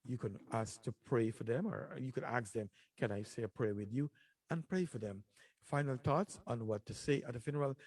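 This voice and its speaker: A man's voice: medium pitch, darkish tone, slightly rough, dry recording, low-quality recording. A middle-aged man hosting a talk show, giving earnest, repetitive advice with many filler ums. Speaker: radio show host.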